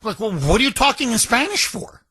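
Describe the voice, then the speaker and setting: A man's voice: very high-pitched, very animated, brisk, pushed and bright, husky, dry recording. A man hosting a talk radio show, delivering an indignant, mocking monologue and mimicking the people he talks about.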